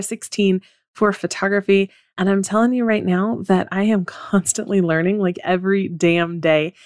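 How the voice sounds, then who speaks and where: A woman's voice: medium pitch, darkish tone, no room sound, clean studio sound. A woman hosting her own podcast, speaking in an upbeat, chatty way straight to her listeners. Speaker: podcast host. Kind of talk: solo podcast monologue.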